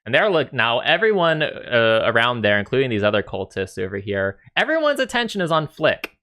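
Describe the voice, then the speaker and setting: A man's voice: mid-range voice, very animated, brisk, sharp tone. Casual male dungeon master, loose rambling narration with fillers and swearing. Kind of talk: narrating a tabletop game.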